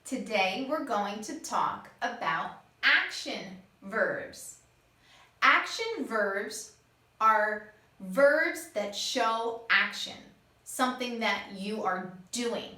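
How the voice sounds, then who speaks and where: A woman teaching young children, acting out each word she explains in a slow, animated way. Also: a little high. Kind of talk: children's lesson. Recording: echoey room.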